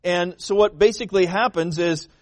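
A man, a pastor, preaching a sermon in a conversational, animated way, retelling the story and acting out the people in it. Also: high-pitched, moderate pace, no room sound.

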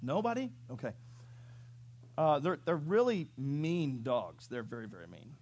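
High-voiced, animated male preacher. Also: unhurried, breathy edge, no room sound. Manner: animated storytelling, chuckles, asks the congregation questions. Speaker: pastor. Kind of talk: sermon.

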